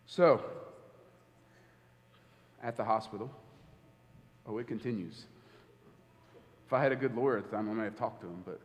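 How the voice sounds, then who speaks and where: A man, a church elder, preaching a sermon, telling a personal story and acting out the quoted dialogue. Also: medium pitch. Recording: hall reverb.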